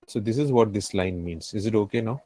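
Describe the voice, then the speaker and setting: A man with a low, mellow voice and an Indian English accent, recorded dry and close. He lectures on finance and repeats key phrases over and over, often stopping to ask whether the class understands. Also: a little fast, no echo, rough recording. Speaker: finance tutor.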